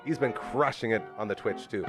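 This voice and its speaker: A man hosting a podcast, bantering excitedly in casual chat. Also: lowish voice, fairly quick, over music. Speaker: podcast host.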